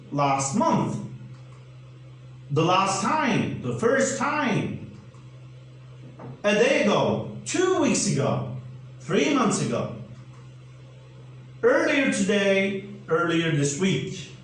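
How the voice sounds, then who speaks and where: A man with a Turkish accent gives a grammar lesson at a very slow, careful pace, spelling out letters one at a time. His voice sits high and moves animatedly. The sound is roomy and distant, with a faint hum behind it. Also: very animated, fairly bright tone. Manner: deliberate, spells out letters, asks then answers his own questions. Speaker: English teacher. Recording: echoey room, mic at a distance, faint hum.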